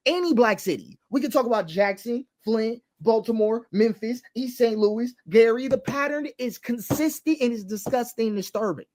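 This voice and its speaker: A man's voice: very high-pitched, normal speed, few pauses, darkish tone. A man giving impassioned social commentary, stressing points by repeating them, asking rhetorical questions and now and then laughing. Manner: emphatic, repeats key phrases, rhetorical questions.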